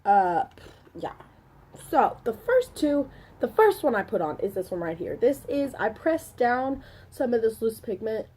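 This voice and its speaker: A woman's voice: fairly high pitch, big pitch swings, a little slow, a little mellow, slightly rough. A woman talking through her makeup in a chatty, rambling way, full of asides and slang. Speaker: beauty vlogger. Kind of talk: casual makeup chat to camera. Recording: faint background noise.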